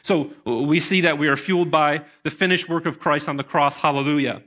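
A man's voice: on the high side, fairly quick. A man preaching a sermon to his congregation in an earnest manner. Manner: earnest preaching, bursts into excited shouts. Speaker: pastor.

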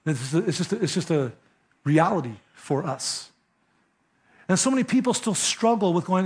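Man preaching, fairly high voice, emphatic, talks straight to the congregation. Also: sing-song, normal speed, pauses often. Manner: emphatic, conversational preaching with direct address. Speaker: pastor. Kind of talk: sermon.

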